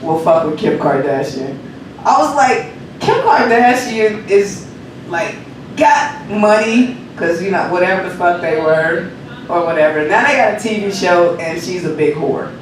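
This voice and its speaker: A male comedian running through his set, animated and profane, chuckling at his own punchlines. His voice leaps up and down as he tells the stories. The recording is distant and heavily echoey, with steady noise underneath. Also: high-pitched, a little slow. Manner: laughs at his own jokes. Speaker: stand-up comedian. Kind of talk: stand-up comedy rehearsal. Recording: echoey room, mic far off, noisy.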